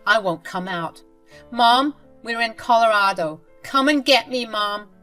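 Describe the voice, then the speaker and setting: A woman's voice: a little high, lively intonation, a little slow, sharp tone, faint music behind, pitched above the performer's own voice. A woman doing a defiant young boy.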